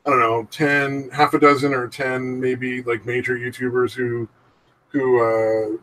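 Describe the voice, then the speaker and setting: A man's voice: mid-range voice, little pitch movement, measured pace, sharp tone, distant mic, a little hiss or hum, rough recording. A man co-hosting a casual podcast chat, rambling and swearing freely and laughing often. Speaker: podcast co-host.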